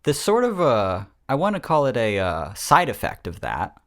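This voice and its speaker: A man's voice: mid-range voice, wildly swooping pitch, normal speed. A young man hosting a podcast in casual chat, rambling and self-mocking. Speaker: podcast host. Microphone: podcast microphone.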